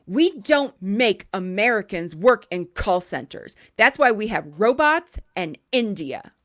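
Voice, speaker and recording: A woman's voice: medium pitch, big pitch swings, measured pace. A woman voicing an entitled, accusing female caller who scolds and demands answers. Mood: shrill, demanding.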